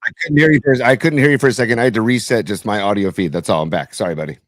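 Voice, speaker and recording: A man's voice: fairly low pitch, rapid-fire, no room sound. Easygoing co-host man, dry sound. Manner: easygoing, buddy-buddy. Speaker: podcast co-host. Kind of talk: casual livestream chat. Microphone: streaming call with headphones.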